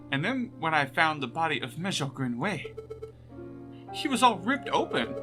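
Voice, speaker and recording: A man's voice: a little high, poor audio. A man voicing a naive young female cat noblewoman in a game, speaking sweetly. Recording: game music underneath.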